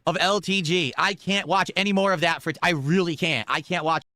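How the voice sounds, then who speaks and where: Man, streamer, bright voice, dry close sound, exasperated reaction commentary. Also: fairly high pitch, fairly even intonation, fairly quick, dry recording. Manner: incredulous, exasperated outbursts. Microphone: desk condenser mic.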